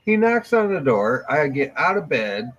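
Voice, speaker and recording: A man's voice: a little high, very animated, unhurried, a bit bright. A man co-hosting a morning show, telling rambling, crude anecdotes with laughs in casual chat. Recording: dull lo-fi live stream audio.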